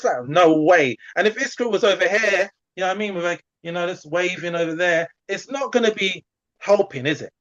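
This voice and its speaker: Man, animated chatty coach, dry close sound, slightly muffled video call. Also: high voice, fairly quick, no room sound. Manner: chatty, animated, acts out examples. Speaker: community coach. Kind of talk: live video call masterclass.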